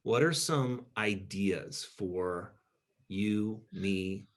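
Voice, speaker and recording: A man with a fairly low voice leads his church group through a relaxed teaching talk. He rambles, trails off, and fills his sentences with "you know" and self-deprecating asides. He pauses to invite the listeners to chime in. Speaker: pastor leading a group discussion. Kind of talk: casual teaching talk with audience questions.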